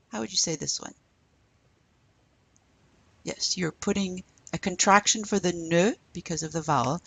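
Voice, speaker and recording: A middle-aged woman teaching a recorded French lesson, patiently explaining step by step and saying French phrases slowly for her students. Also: fairly low pitch, vocal fry, slightly rough, dry recording, rough recording.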